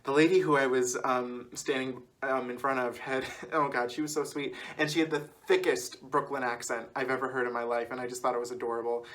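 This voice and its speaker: Twenties male vlogger, chatty rambling storyteller, laughs often, mid pitch. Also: steady tone, fairly quick, few pauses, fairly bright tone. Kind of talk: casual storytelling.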